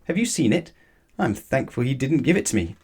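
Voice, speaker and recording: A man's voice: mid-range voice, big pitch swings, fairly quick, a little mellow, breathy edge, pitched above the performer's own voice. A man reading a storybook voices a flustered, exasperated middle-aged father with indignant outbursts.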